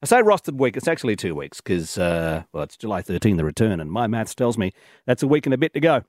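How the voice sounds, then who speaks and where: A man's voice: fairly low pitch, very animated, fast talker, a little mellow, dry recording. A man hosting a radio show, presenting upbeat segments and sponsor reads. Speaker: radio fill-in host. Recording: radio broadcast over music bed.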